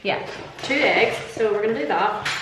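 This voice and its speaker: In this casual cooking vlog, a young Irish woman talks at normal speed in a mid-range voice with lively intonation. She's chatty, pokes fun at herself and swears freely. Her home kitchen is echoey, with noise in the background.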